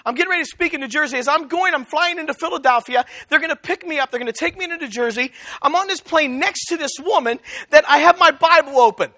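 High, bright-voiced man preaching. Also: quick pace, hardly any pauses. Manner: animated, acts out both sides of a dialogue. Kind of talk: storytelling sermon.

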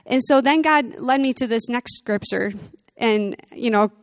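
A woman in her thirties giving a sermon, earnest and personal, telling stories and slowing down for emphasis. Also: on the high side, no room sound. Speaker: speaker at a church service.

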